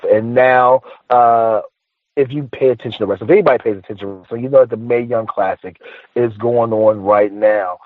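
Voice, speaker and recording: A man hosting a podcast interview, loose and joking, rushing through his questions. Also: medium pitch, dry recording. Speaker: podcast host. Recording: tinny phone line, dry.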